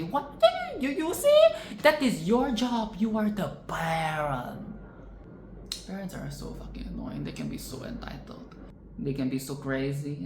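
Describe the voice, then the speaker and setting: Sassy low-voiced woman ranting about a film. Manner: sassy, swears freely, exclaims and rants. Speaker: film reaction commentator. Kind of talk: casual film commentary. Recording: echoey room with faint noise.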